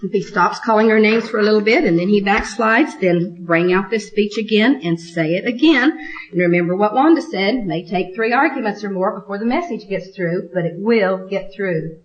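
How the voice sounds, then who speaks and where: An older woman teaching a Bible class, practical and earnest, rehearsing phrases out loud. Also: medium pitch, normal speed, far from the mic. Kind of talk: recorded Bible class lesson. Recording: muffled, echoey room from afar.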